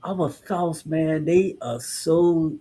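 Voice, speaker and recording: Husky earnest man preaching motivation. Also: fairly high pitch, extremely slow, mellow. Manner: earnest, preachy, rambling with restarts. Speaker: podcast co-host. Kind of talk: motivational talk.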